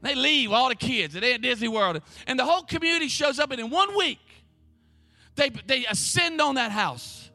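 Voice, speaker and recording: Male pastor, very high and bright voice, fervent shouting sermon delivery. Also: expressive, no echo, faint music behind. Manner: fervent, shouting, repeats words in rapid bursts. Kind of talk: energetic preaching sermon. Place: church service.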